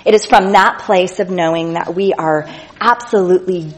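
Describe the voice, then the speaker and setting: A woman's voice: fairly low pitch, poor audio. Earnest woman preaching a sermon. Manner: earnest, emphatic reading of scripture with slow stressed words; drops soft and quiet on tender lines. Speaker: speaker at a church gathering.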